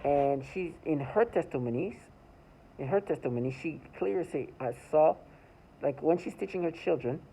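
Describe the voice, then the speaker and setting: A man speaking earnestly in a personal video monologue, halting, repeating words and restarting often. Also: fairly high pitch, expressive, creaky, mellow. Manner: earnest, urgent delivery. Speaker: vlogger. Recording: tinny phone-like audio with faint noise.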